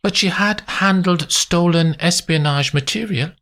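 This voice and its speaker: A man reading a story aloud, voicing a calm, clinical female agent in a measured, unemotional way. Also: sits high, pitched above the performer's own voice.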